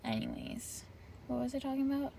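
A woman's voice: sits high, huge pitch swings, brisk, creaky, dark tone, a little hiss or hum. A young woman rants casually and profanely on her podcast, sprinkling "like" everywhere while sitting in her car. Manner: profane, complaining, heavy use of "like". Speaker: podcast host. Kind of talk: casual solo podcast rant.

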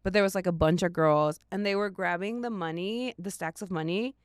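A woman's voice: lowish voice, clean tone, no room sound, studio quality. A young woman co-hosting a podcast, chiming in and joking in casual chat. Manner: chatty, quick to chime in and joke. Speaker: podcast co-host.

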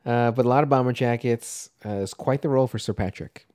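A man in casual podcast chat about films. He rambles, swears and restarts his sentences, with a medium-pitched voice. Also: brisk, a little mellow. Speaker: podcast co-host. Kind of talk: casual movie discussion.

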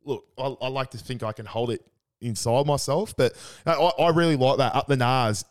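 An Australian man co-hosting a sports podcast, casual chat full of crude, excitable banter. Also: medium pitch, fairly quick. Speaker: podcast co-host.

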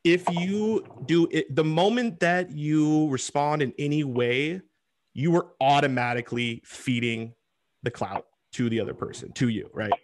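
A man hosting a casual interview, talking in an animated, opinionated way. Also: on the high side, unhurried. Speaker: host.

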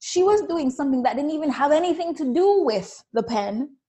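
Animated woman coaching on intuition. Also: high-pitched, brisk. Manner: animated storytelling, acts out quoted voices. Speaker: spiritual business coach. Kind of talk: casual motivational talk.

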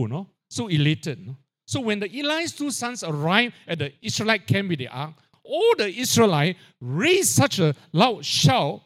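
A man preaching a sermon, peppering his lines with "you know, right?" and dropping quiet on the tag-ons. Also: high voice. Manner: drops to a quiet aside on filler tags. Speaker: pastor.

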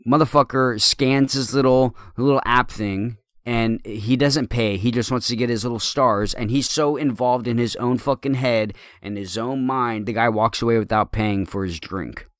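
A man's voice: medium pitch, moderate pace, hardly any pauses, a bit bright, dry recording, studio quality. Heated, swearing podcast co-host man. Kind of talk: casual podcast banter.

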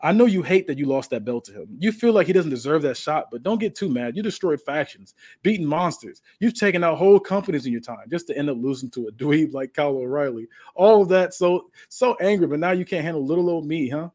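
A man's voice: on the high side, lively intonation, quick pace, few pauses, darkish tone. Man putting on a smug taunting wrestling heel, raised sneering voice. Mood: mocking. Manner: mocking, taunting.

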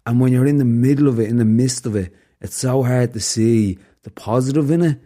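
A man's voice: medium pitch, fairly quick, warm tone. A man hosting a casual podcast, reflective and fond of telling stories. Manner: storytelling, upbeat and reflective. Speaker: podcast host.

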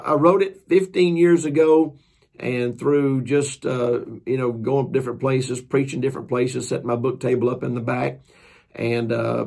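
A man's voice: medium pitch, creaky, darkish tone. A man, a preacher and author, telling a story in a folksy, earnest, casual way. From Georgia, US.

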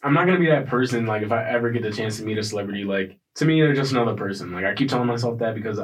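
A man's voice: on the low side, expressive, very fast, far from the mic, poor audio. A man on a podcast as a returning guest, stuffy from allergies, rambling with many fillers and swearing. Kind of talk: casual podcast chat. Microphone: podcast mic, moving away often. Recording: faint noise, drifting off mic.

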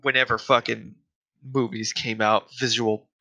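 A man's voice: medium pitch, level tone, measured pace, pushed and bright, low-quality recording. A man delivering a casual, profane solo rant, exasperated and full of fillers.

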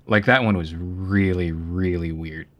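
A man's voice: deep voice, steady tone, unhurried. A man with a Midwestern American accent, co-hosting a podcast in casual chat, blunt and emphatic with heavy swearing. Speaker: podcast co-host.

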